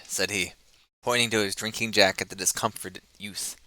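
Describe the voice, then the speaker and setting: A man narrating an adventure story audiobook in a steady, descriptive reading. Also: lowish voice, moderate pace, no echo, rough recording. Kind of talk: scripted narration.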